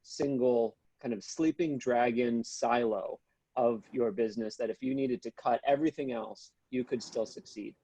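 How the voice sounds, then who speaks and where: Dark, husky male judge. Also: medium pitch, steady tone, normal speed. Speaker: judge asking a question.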